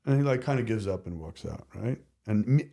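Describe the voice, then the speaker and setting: A man speaking as a podcast guest, telling candid personal stories in an animated, rambling way, often restarting his sentences. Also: fairly low pitch, brisk, vocal fry, husky. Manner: animated, rambling, self-interrupting. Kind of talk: candid conversational storytelling.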